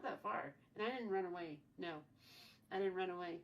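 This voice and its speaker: A woman's voice: lowish voice, brisk, lo-fi sound. A woman in her forties tells a childhood story in a casual vlog, rambling and repeating her phrases as she goes. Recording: distant mic, faint background noise.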